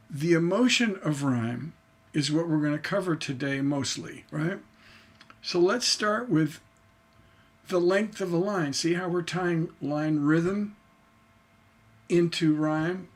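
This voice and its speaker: Guy teaching songwriting on a stream, gravelly voice, slow and chanty, kinda high for a man. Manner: animated, chanting rhythms, talking to himself. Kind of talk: livestreamed songwriting lesson.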